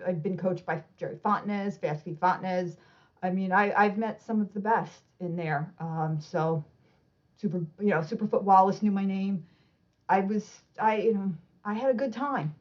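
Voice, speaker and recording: A woman guest on an interview podcast, telling animated anecdotes and acting out the voices of people in her stories. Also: medium pitch, muffled recording. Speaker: author and martial artist guest. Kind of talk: casual storytelling interview.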